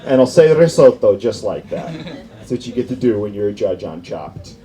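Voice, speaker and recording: A man doing a stand-up comedy set on a club stage, animated and putting on voices for his bits. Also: fairly low pitch, moderate pace, faint music behind. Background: faint crowd laughter.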